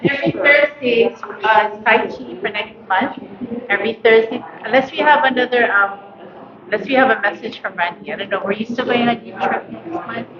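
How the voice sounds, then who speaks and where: A woman's voice: fairly high pitch, normal speed. A woman organizer casually giving class announcements over a video call, with a few hesitant fillers. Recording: echoey, noisy lo-fi video call.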